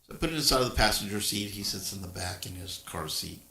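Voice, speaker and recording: A man's voice: on the low side, lively intonation, fast talker, sharp tone, reverberant. An older man and grandfather, hosting a casual livestream and telling a folksy, rambling story. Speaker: livestream host.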